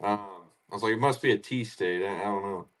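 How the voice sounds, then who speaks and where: A man's voice: lowish voice, fairly quick. Joking, loose-talking man from Tennessee. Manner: joking, loose, swears freely. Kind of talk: casual chat.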